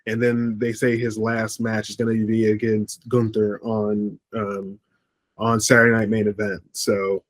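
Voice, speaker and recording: A man's voice: on the low side, completely flat delivery, a little slow, no echo. A man co-hosting a podcast, talking casually about wrestling and often stopping on ums and restarts. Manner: rambling, with frequent ums and restarts. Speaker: podcast co-host. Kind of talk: casual wrestling review chat.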